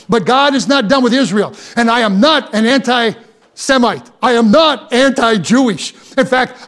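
A man with a strikingly high-pitched voice delivers a sermon. He preaches with fervor, stumbling over repeated words as his emphasis rises. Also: a bit bright. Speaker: pastor.

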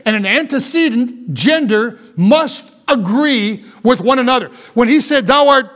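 High-voiced man preaching a sermon. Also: a little slow. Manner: animated preaching with asides and restarts. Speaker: pastor.

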